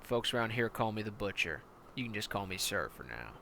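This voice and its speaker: Brutal male tank commander, played by a man: contemptuous, barking, profane, with a sharp, forceful edge. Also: fairly low pitch, sing-song, a little fast, gravelly, voice pushed down, heavily acted. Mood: menacing.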